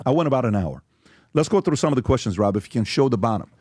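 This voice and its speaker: A man's voice: mid-range voice, expressive, racing, darkish tone, no echo. Emphatic male podcast host, dry sound. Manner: emphatic, repeats "okay?" often. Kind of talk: talking through social media posts on a show.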